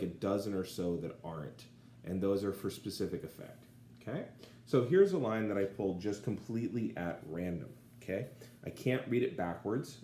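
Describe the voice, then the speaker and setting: A Latin teacher gives a casual video lesson, often checking in with the class as he explains. His voice is warm and on the low side, and the recording comes from an echoey room with faint background noise.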